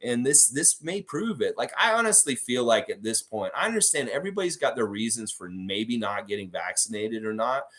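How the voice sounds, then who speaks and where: A young man from Canada hosting a casual livestream from his home room, reading chat comments and telling stories in an animated, profane way. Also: fairly quick, few pauses. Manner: acts out quotes in a high exaggerated voice. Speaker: livestream host. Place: home room where he works.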